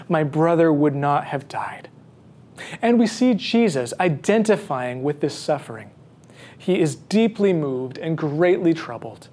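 A man reading Scripture aloud and preaching on it, slow and measured with dramatic pauses. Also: on the high side, darkish tone. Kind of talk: Bible reading and sermon.

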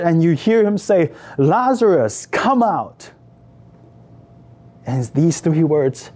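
A man leads a guided imaginative meditation, speaking straight to the listener in the second person. His voice is mellow and a little high, and it swells with emotion as the story builds. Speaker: prayer leader.

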